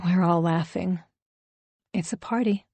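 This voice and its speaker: A woman's voice: fairly low pitch, a little slow, a little mellow, breathy edge, no room sound. Woman reading a thriller dramatically. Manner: dramatic, emotionally charged reading. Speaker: audiobook narrator. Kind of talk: first-person audiobook narration.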